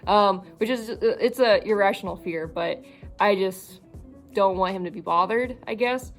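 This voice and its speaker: Young woman, vlogger, rambling with fillers, on the verge of tears, gravelly fry, faint music underneath. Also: mid-range voice. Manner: rambling, halting, many fillers. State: fighting back tears. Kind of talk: casual vlog.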